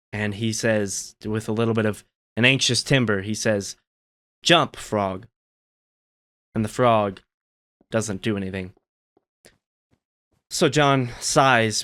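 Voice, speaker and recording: A man hosting a relaxed gameplay video, telling a long story in a meandering, laid-back way with lots of fillers. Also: on the low side, smooth. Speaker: gaming channel host.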